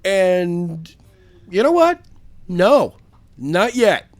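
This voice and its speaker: A man co-hosts a casual podcast chat. His voice sits fairly high, and the recording is dry with no room sound. He comes across laid-back and keeps chiming in with quick agreements. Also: sing-song, no echo. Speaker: podcast co-host.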